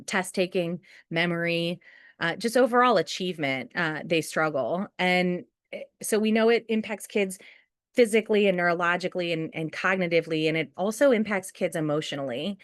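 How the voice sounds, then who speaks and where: A woman's voice: on the low side, dry recording, studio quality. A woman leading a school staff training webinar, talking in a chatty way and often asking "right?" to check in with listeners. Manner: chatty, often asks "right?" and acts out quotes. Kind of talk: conversational webinar training talk.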